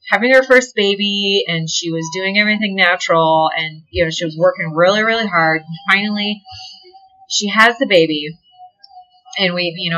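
A woman guest on a podcast, a delivery nurse telling stories in casual chat, animated and laughing often, with casual swearing. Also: mid-range voice, dull audio.

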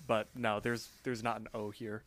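A man co-hosting a podcast, casually recapping a cartoon episode in a relaxed, chatty way. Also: fairly low pitch, moderate pace, dry recording. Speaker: podcast co-host.

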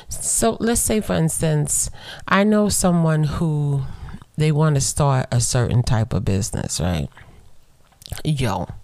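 A middle-aged woman hosting her own podcast in a casual, playful chat aimed straight at her listeners. Her voice sits low and mellow, and the sound is dry and close, with no room around it. She slows down to lean hard on the words that matter. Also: gravelly, no echo. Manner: chatty, playful, talks straight to her listeners with slow emphasis on key words. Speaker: podcast host.

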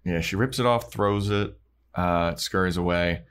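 A man's voice: deep voice, smooth. A man co-hosting a podcast, casually retelling an episode's scenes and acting out the characters' lines. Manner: storytelling, acting out lines in quick snippets. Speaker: podcast co-host. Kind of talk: casual chat recapping an episode.

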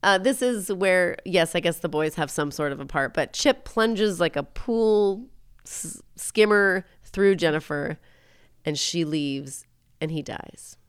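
A woman's voice: fairly low pitch, slow pace, clear, resonant tone, no echo. A woman casually retelling a film plot in close detail, jumping into the characters' lines as she goes. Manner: animated storyteller, acts out quotes.

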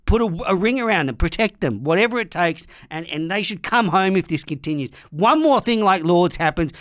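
A man's voice: high voice, expressive, a little fast, a bit bright, no echo, studio quality. An Australian man hosting a podcast, delivering an angry, profane comedic rant. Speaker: podcast host. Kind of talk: comedic ranting monologue.

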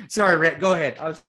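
A man's voice: medium pitch, a bit bright. Chuckling middle-aged male co-host. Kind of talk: casual podcast chat.

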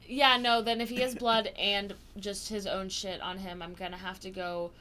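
A woman's voice: mid-range voice, little pitch movement, moderate pace, bright, forceful tone. A young woman co-hosting a podcast, chatting casually with a crude, giggly, playful manner. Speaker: podcast co-host. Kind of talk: casual chat.

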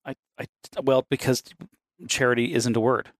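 Man, casual co-host chat, rambling, swears a lot, laughs easily, middle pitch, dry close sound. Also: little pitch movement, normal speed, dry recording.

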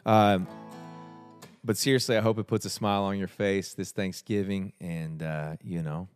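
A man hosting a podcast, chatting casually with a guest and telling stories, sinking into a low confiding tone for anecdotes. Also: fairly even intonation, normal speed, faint music behind. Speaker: podcast host. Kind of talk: casual chat and storytelling.

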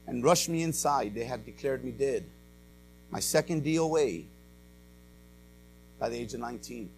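A man with a high voice preaches a sermon as a pastor, swinging from loud to hushed as he tells his story. He peppers his talk with "uh" and "amen". A faint mains hum sits under the recording. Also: vocal fry. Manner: frequent "uh" and "amen" fillers.

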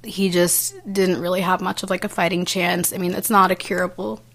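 A young woman speaking as an interview guest in a fairly low voice, earnest and halting. She restarts often and leans on fillers as she tells a personal story. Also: little pitch movement, fairly bright tone.

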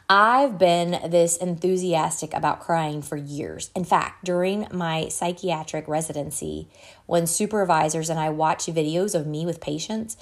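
A woman hosting a podcast reads an article aloud at a measured pace, her voice on the low side. Now and then she stops to correct her own slips.

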